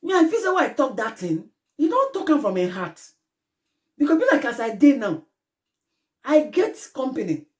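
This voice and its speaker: Lively Nigerian woman vlogger. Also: high voice, normal speed, long pauses. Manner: Pidgin-mixed, preachy, grows impassioned. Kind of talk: casual commentary to camera.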